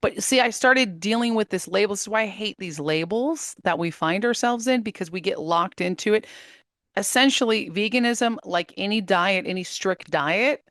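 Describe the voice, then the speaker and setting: A woman in her thirties, an interview guest, telling her story in lively casual talk and laughing often. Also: medium pitch, normal speed, no room sound, clean studio sound. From United States.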